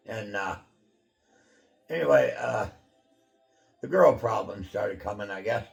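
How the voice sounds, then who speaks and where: A man with a low, gravelly voice talks through his own life story as the host of his channel. He rambles casually, leaning on fillers and clearing his throat often. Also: expressive, slow, pauses often, soft background music. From Pacific Northwest of the USA.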